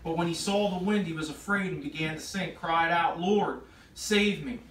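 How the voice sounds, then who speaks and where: A man's voice: on the high side, normal speed, a bit bright. A man preaching at an informal Bible study. He reads scripture aloud and grows emphatic as he explains it. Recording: echoey room, voice from far off, faint noise.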